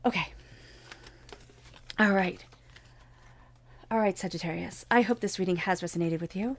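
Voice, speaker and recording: A woman reading tarot cards for her audience, talking with passion and repeating phrases for emphasis, then turning soft and hushed for blessings and meditation. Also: on the low side, measured pace, pauses often. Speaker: tarot reader.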